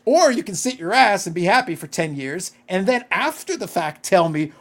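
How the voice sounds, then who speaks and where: Man, podcast co-host, casual chat, profane, incredulous, lively pitch. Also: normal speed.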